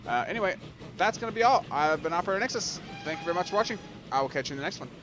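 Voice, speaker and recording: A man hosting a let's play video, giving excitable gameplay commentary, gushing and laughing often. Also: sits high, racing, music in the background.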